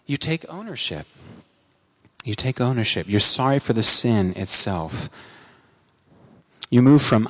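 A man preaching a sermon, earnest, climbing to emphatic peaks and dropping low for quiet asides. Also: expressive, moderate pace, in a large hall. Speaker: pastor.

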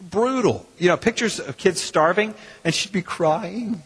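A man, a pastor preaching a sermon in a church in a lively, conversational way with quoted asides. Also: high voice, unhurried, few pauses, husky. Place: church sanctuary. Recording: long hall reverb.

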